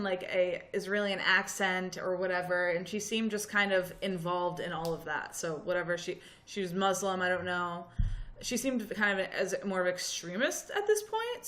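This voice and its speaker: A young woman co-hosting a podcast, chatting casually and telling a story with animated, swearing energy. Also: on the low side. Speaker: podcast co-host. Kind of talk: casual chat.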